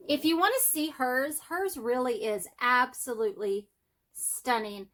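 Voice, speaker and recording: A woman chatting excitedly about her cross-stitch projects in a casual home vlog, speeding up when enthusiastic. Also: high-pitched, a little slow. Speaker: cross-stitch vlogger and teacher. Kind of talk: casual show-and-tell vlog.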